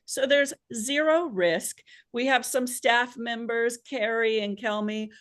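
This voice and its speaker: A woman's voice: fairly high pitch, takes it slowly. An American woman hosting a live online class, upbeat and encouraging, playfully drawing out her guest. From United States. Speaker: host.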